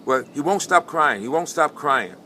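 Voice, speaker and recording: A man voicing a frustrated young father who insists, haltingly, that his child won't stop crying. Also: fairly high pitch, animated, pushed and bright, slight background noise.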